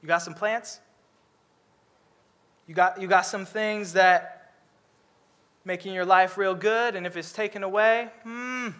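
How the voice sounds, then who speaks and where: A man preaching a sermon, lively and humorous, acting out characters with comic voices. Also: sits high, unhurried, pauses often.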